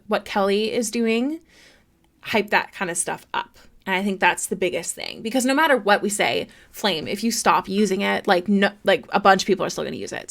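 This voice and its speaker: A woman's voice: medium pitch, fairly bright tone. A woman streaming live, chatting casually with viewers and reading their messages aloud, with plenty of fillers.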